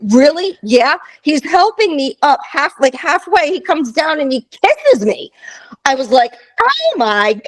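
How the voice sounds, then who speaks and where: A woman in her fifties, a guest, telling a travel story in casual chat, animated and laughing, acting out the voices of people in it. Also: high-pitched, unhurried, rough recording. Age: 50s.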